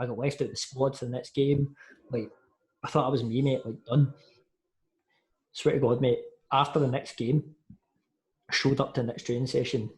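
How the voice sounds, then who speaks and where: Podcast guest: young Scottish man, chatty storyteller, mid-pitch. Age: young adult. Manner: lively anecdotes, says mate a lot, acts out quotes. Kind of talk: casual storytelling chat.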